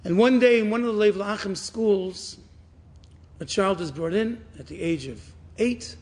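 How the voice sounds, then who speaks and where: A man giving a sermon, a rabbi telling stories with dramatic swings between loud and hushed. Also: high voice, a little slow. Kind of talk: inspirational sermon with storytelling.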